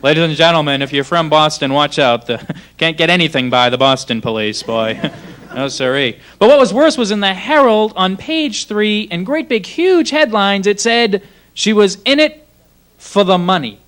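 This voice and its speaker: A man's voice: high-pitched, animated, moderate pace, fairly bright tone. A man doing a sarcastic stand-up comedy set, drifting into mock voices. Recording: 1980s cable TV club recording.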